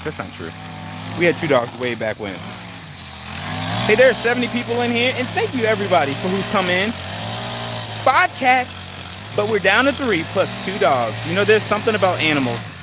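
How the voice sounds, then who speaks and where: A middle-aged man hosting a casual live stream outdoors in a yard on a handheld phone, talking in an easygoing, rambling way with many fillers and greeting viewers. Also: sits high. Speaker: channel host. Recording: outdoor traffic and engine noise.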